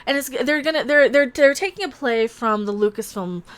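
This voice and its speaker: Casting note: woman streamer, high voice, sarcastic and rambling, casual desk-mic livestream. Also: normal speed, fairly bright tone, clear, resonant tone. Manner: sarcastic, rambling with many restarts. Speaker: livestream host reading chat.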